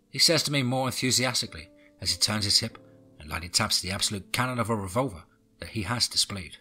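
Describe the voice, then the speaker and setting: A man reading a horror audiobook in a low, brooding way with whispered asides. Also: animated, fast, pushed and bright, husky, soft background music. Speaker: audiobook narrator.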